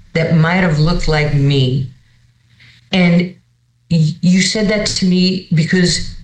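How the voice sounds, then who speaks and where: Coach guest telling a story, lively, stumbles and repeats words, middling pitch, roomy echo. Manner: animated, repeats words, acts out quoted dialogue. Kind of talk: storytelling in conversation.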